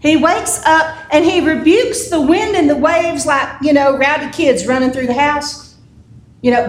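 Woman preacher, high voice, unhurried conversational sermon, echoey room. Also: expressive. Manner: conversational storytelling with humorous asides. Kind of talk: casual sermon. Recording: echoey room with faint noise.

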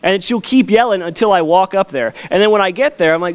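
A man's voice: sits high, lively intonation, fast talker. A man in his thirties, a pastor preaching a conversational sermon with a folksy, storytelling manner. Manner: folksy, storytelling with family anecdotes.

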